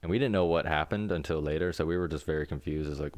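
Low-voiced young guy telling rambling stories. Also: fast talker, a little mellow. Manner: rambling, lots of fillers, laughs while telling stories. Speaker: podcast co-host. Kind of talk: casual chat, storytelling.

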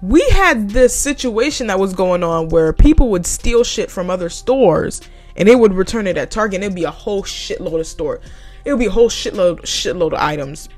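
A woman's voice: mid-range voice, moderate pace, soft background music. A young woman telling a story about her retail job in a casual, heated rant full of swearing. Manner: profane, heated and animated.

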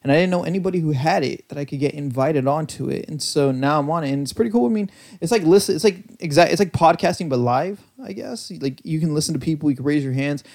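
This podcast host is a young man with a fairly high, creaky, darkish voice who talks fast with few pauses. Rambling on his own in a casual way, he pokes fun at himself and comes across as weary and sluggish, spinning loose stories full of filler words.

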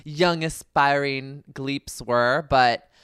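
A man's voice: medium pitch, steady tone, very slow, a bit bright, clear, resonant tone, dry recording, clean studio sound. A man in his thirties co-hosting a podcast in casual chat, playful and joking. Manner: playful, joking, laughs often. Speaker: podcast co-host.

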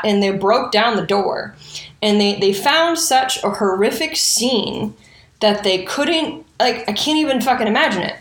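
A woman's voice: on the high side, expressive, unhurried, fairly bright tone, reverberant. A woman telling a history story in a casual, profane way, with indignant and sarcastic asides. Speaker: true crime storyteller.

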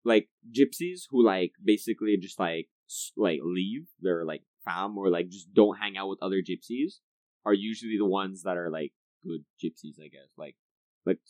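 Mellow, dry-sounding young man chatting. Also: low voice, moderate pace, dry recording. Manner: hedging, fills talk with "like". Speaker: podcast co-host. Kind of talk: casual chat.

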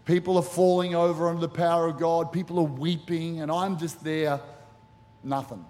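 Middle-aged pastor guy preaching, kinda high voice, animated stories, echoey church hall. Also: moderate pace. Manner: animated storytelling with acted asides. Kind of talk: sermon. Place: church auditorium. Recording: church hall reverb with faint music.

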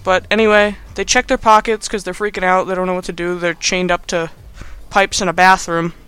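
A young man recaps a movie on his podcast in a loose, rambling way, tossing in sarcastic asides. His voice is high, bright and crisp. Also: level tone, a little fast. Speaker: podcast host.

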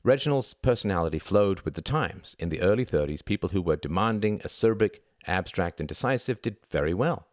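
A man reading a novel aloud as an audiobook narrator, measured and expressive. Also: low voice, no room sound, studio quality.

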